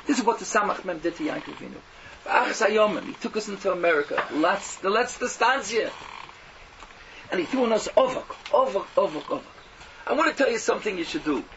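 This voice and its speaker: High-pitched, animated man preaching. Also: fairly quick. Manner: animated, mocking, swings from loud to hushed. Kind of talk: fiery Yiddish-laced sermon. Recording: dull lo-fi recording with faint noise.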